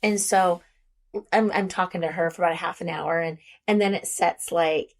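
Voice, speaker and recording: A chatty woman from the United States, talking in a relaxed podcast conversation. Her voice sits low with a gravelly fry at phrase ends, and she rambles through stories with quick asides. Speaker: realtor guest.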